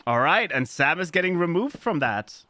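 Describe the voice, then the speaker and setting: A man's voice: on the high side, big pitch swings, moderate pace, sharp tone, dry recording. Playful German-accented man streaming. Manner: playful, swears freely, reads chat aloud and riffs on it. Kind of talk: casual live-stream chat.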